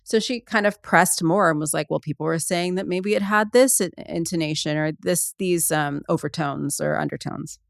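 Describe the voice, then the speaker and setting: A woman's voice: low voice, fairly even intonation, normal speed, gravelly, few pauses, no room sound, studio quality. A woman hosting a podcast in casual, comedic chat, rambling and sarcastic with lots of fillers. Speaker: podcast host.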